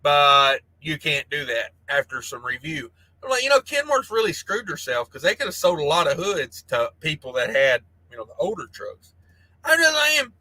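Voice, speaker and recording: A man's voice: fairly high pitch, very animated, normal speed, sharp tone, no echo, rough recording. A man hosting a casual trucking live stream, reading chat messages aloud with crude jokes and frequent laughter. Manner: crude joking banter, laughs often.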